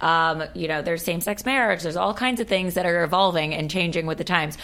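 Playful woman around thirty, lowish voice. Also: a little fast, a bit bright. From Miami. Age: 30s. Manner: upbeat, playful storytelling. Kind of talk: casual chat.

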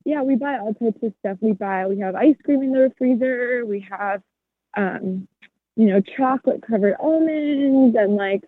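Young female caller, hesitant and rambling, slightly high and husky, on a thin phone line. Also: a little slow, no room sound. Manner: rambling, hesitant, many fillers. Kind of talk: casual phone chat.

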